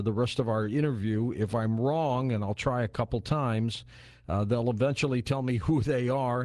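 A male radio host talks in an easygoing, chatty way, often padding his sentences with little "uh"s. His voice sits at an ordinary middle pitch and is recorded close and dry in the studio, with no room sound at all. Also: no echo. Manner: relaxed, chatty, many filler uhs. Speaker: radio talk show host. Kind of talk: late-night radio talk. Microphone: studio microphone.

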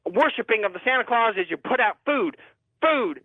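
A man's voice: very high voice, expressive, normal speed, dry recording. A man playing a fanatical older preacher who calls in to a radio show, blustering and mangling words. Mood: ranting. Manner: blustery, repeats "I'm gonna tell you what", mangles words. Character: fanatical older male street preacher, ranting. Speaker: caller. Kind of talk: comedy radio call-in bit. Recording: tinny phone line.

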